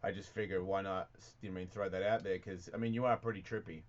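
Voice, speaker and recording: A man's voice: sits low, fairly even intonation, fast. A man hosting a radio talk show, asking crude, teasing, rambling questions in casual chat. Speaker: host. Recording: slightly muffled broadcast audio.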